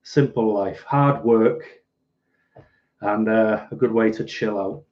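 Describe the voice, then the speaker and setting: A man's voice: fairly low pitch, takes it slowly. A man hosting a casual livestream, reading viewer comments aloud in a chatty, rambling way and laughing easily. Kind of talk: casual live chat. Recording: dull lo-fi recording.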